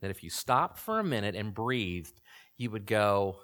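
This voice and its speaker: A man's voice: lowish voice, big pitch swings, unhurried, fairly bright tone. Conversational man in his forties preaching. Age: 40s. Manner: conversational, asks the audience questions. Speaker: pastor. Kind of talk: sermon.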